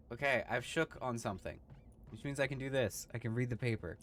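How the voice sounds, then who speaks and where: A man giving casual let's-play commentary, offhand and joking. His pitch sits right in the middle for a man, and a faint noise hums under the voice. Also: a little fast, fairly bright tone. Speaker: gaming streamer.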